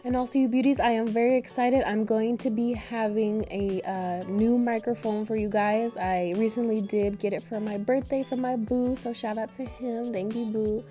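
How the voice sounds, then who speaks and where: Still recovering from being sick, this young beauty vlogger sounds slightly harsh as she talks through a makeup tutorial, upbeat and chatty, addressing viewers as "beauties" and "girl." Her mellow voice sits a little high with fairly even intonation, moving at a moderate pace with few pauses over faint background music.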